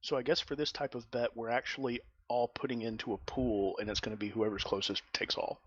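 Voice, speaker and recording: Male player, husky tone, muffled lo-fi line, easy laugh. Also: medium pitch, little pitch movement, a little fast. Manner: chatty, laughs easily. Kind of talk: tabletop game chat.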